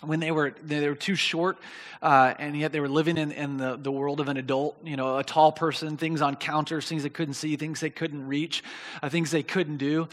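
A high-voiced man preaches in a large, reverberant hall. He tells his story in an animated way, often stumbling over and repeating his words. At the big moments his voice climbs to near shouting. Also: normal speed. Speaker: pastor. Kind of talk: sermon with storytelling.

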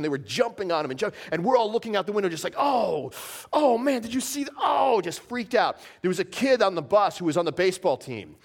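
A middle-aged man preaching a sermon, telling stories with animated swings from loud bursts down to quiet, heavy lows. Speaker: pastor.

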